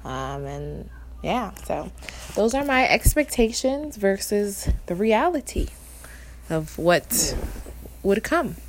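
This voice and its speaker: A woman's voice: medium pitch, very animated, takes it slowly, slight background noise. A woman in her thirties co-hosting a casual couple's podcast, talking candidly and reflectively, rambling with restarts. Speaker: podcast co-host.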